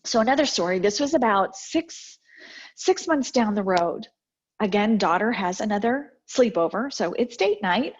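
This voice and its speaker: A woman's voice: medium pitch, normal speed, slight background noise. A middle-aged woman giving a motivational talk on a video call, telling personal stories and acting out the exchanges she quotes. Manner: lively storyteller, acts out quoted exchanges. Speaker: guest speaker. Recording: dull lo-fi video call audio.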